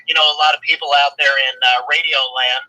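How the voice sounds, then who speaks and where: A man with a sharp, very bright voice pitched a bit above the usual tells his story casually. He rambles and restarts, packing his talk with fillers. The sound comes through a call line. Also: steady tone, fast talker, low-quality recording. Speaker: guest. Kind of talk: casual chat.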